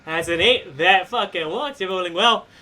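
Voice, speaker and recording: A man running a tabletop wrestling game as game master, animated, laughing and swearing casually. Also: high-pitched, moderate pace.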